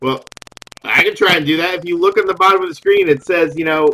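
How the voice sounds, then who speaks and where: A man hosting a podcast in casual chat on a video call, teasing and lively. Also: high-pitched, fast talker, slight background noise, low-quality recording. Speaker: podcast host.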